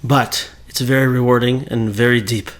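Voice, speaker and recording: In a mid-range, slightly bright voice with fairly even intonation, a man teaches an informal Torah class at normal speed. His delivery is conversational, working through ideas aloud with fillers and corrections of himself.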